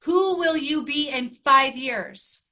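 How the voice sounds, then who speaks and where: A woman life coach speaks slowly and earnestly to her group, pressing the same question again and again. Her voice sits high and bright. She sounds moved, close to tears. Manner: earnest, emphatic, repeating questions. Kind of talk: motivational talk to a group.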